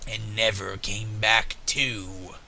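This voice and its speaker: Guy doing a low breathy snow imp voice, gruff and slangy, game character. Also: flat delivery, takes it slowly, sharp tone, heavily acted, rough recording. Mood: grumbling. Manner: slangy, ungrammatical dialect speech. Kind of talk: game dialogue read aloud in character.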